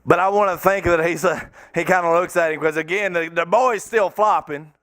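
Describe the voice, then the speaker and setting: A man preaching a sermon as pastor in a church, fervent and folksy, sometimes breaking into shouts. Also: high-pitched, moderate pace, no room sound, studio quality. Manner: colloquial, folksy phrasing. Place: church sanctuary.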